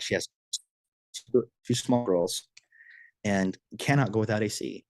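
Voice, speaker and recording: A man with a low-pitched voice delivers a motivational business talk, telling stories with eager energy and often stumbling into restarts. His voice is recorded close and dry, with no room sound around it. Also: measured pace, pauses often, no room sound. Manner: enthusiastic, energetic storyteller; frequent restarts and repeated words. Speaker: business trainer and speaker.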